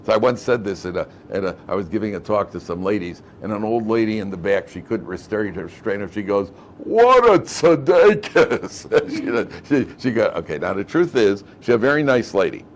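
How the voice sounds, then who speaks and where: A man's voice: on the low side, quick pace, hardly any pauses, a little hiss or hum. A man, a rabbi, giving a Torah lecture to a live class, talking conversationally, repeating phrases and acting out quoted speech in his stories.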